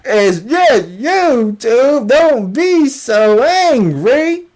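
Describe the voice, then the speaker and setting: A woman imitating a flustered man who backs down, pleading in a drawn-out mock tone. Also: high voice, big pitch swings, a little mellow, voice pushed up, full character voice.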